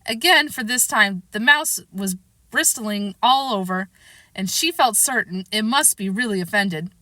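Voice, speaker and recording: A woman reading a children's classic aloud in a lively, expressive way. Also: mid-range voice, a little slow, no echo. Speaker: storybook reader.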